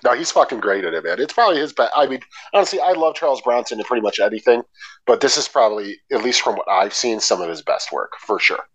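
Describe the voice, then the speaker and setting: A man's voice: mid-range voice, expressive, fast talker, a bit bright, rough recording. A man co-hosting a casual film podcast, laid-back and enthusiastic, with casual swearing. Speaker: podcast co-host.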